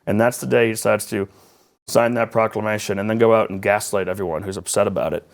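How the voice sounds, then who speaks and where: A man speaking as a guest political journalist in an interview, his voice a touch low in pitch. He talks in a lively, rambling way, leaning on sarcastic asides as he makes his points. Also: quick pace, gravelly.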